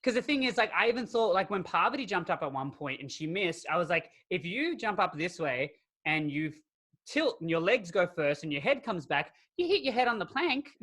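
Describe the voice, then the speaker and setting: A man hosting a casual fan podcast, talking in an animated, chatty way full of "like" fillers. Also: high-pitched, moderate pace. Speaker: podcast host. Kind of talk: casual chat.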